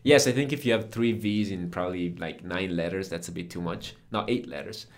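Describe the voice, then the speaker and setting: A man with a very deep voice and an Italian accent teaches his own language in a relaxed conversational lesson. He explains each point patiently and clearly, with a native speaker's ease. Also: fairly quick.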